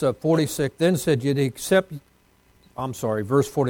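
Male pastor, folksy sermon, loud-to-hushed swings, dry close sound. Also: medium pitch, normal speed, no echo.

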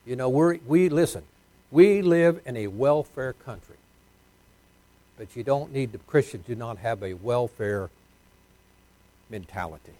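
A pastor preaching a folksy sermon, swinging between loud emphatic lines and hushed ones. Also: male voice, medium pitch, lively intonation, unhurried, pauses often.

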